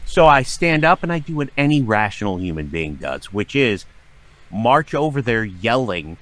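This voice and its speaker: A middle-aged man, a podcast guest, telling a story with lots of swearing and dramatic acted-out shouting. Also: fairly low pitch, big pitch swings, normal speed. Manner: profane, dramatic, acts out his own shouting. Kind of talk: animated storytelling.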